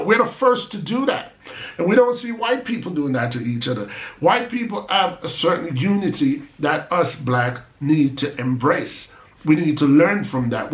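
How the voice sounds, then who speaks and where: A channel host delivers an emphatic, argumentative opinion monologue to camera, brushing off critics with rhetorical asides. His voice is a little high for a man and fairly bright, and the sound bounces around a roomy space.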